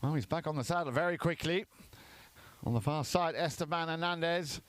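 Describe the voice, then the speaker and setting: A man giving chatty live commentary on a polo match, lifting in excitement at goals. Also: a little high, fairly quick.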